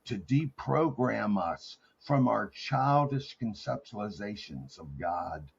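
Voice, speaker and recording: Slow, husky man rambling effusively. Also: fairly low pitch, animated, dull audio. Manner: rambling, effusive, halting with fillers. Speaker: panel guest. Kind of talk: casual live-stream chat.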